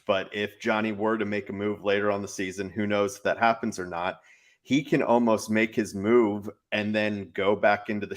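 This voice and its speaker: A man co-hosting a podcast, giving plain, thoughtful commentary. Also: lowish voice. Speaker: podcast co-host. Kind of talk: casual podcast chat.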